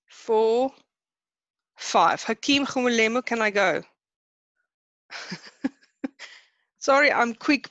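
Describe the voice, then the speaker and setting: A woman with a South African accent teaching an online class, chatty and brisk, hurrying her students along. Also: on the high side, bright, forceful tone, no echo, muffled recording. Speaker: Afrikaans teacher.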